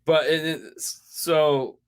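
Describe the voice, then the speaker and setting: A man co-hosting a casual podcast chat, telling animated stories, acting out quotes and laughing often. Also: fairly high pitch, slow pace, noisy background. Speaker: podcast co-host.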